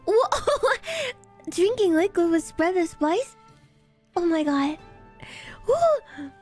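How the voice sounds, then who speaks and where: High, lively, giggly woman streamer. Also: slow, soft background music. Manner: excitable, giggly, squealing. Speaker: VTuber streamer. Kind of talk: casual livestream chat.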